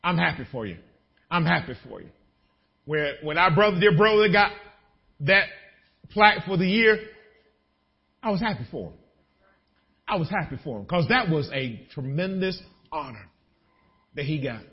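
A man preaching a sermon as pastor, animated, breaking into shouts of joy. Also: a little high, moderate pace, pauses often, muffled recording.

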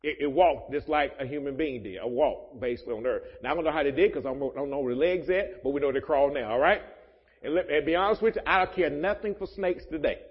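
A man with a somewhat high, husky voice preaches to his congregation, breaking into loud, rising bursts and joking asides. His voice rings with long reverb through a church hall. The recording sounds dull and muffled. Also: fast. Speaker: pastor. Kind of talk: sermon.

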